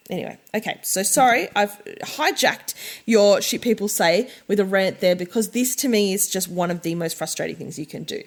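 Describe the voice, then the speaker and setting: A woman's voice: mid-range voice, normal speed. A woman co-hosting a podcast, ranting in casual chat, swearing freely and often restarting her sentences. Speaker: podcast co-host.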